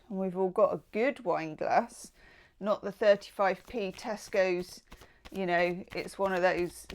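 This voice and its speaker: A woman talks through a tarot spread in a loose, chatty way. She wanders off into playful asides and jokes before coming back to the cards. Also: mid-range voice. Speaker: tarot reader. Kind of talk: casual tarot reading.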